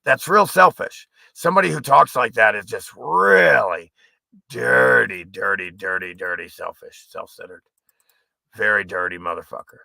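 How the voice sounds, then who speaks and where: Brief: profane male livestream host, rambling rant, bright edgy tone. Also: fairly low pitch, animated, normal speed, gravelly, no echo. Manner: profane, angry, rambling, sometimes shouting.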